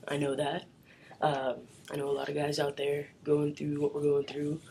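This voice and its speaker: A man's voice: a little high, monotone, normal speed, gravelly, darkish tone, a little hiss or hum. A young man chatting casually to the camera in his bedroom, rambling with lots of filler words and casual swearing. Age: young adult. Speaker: vlogger.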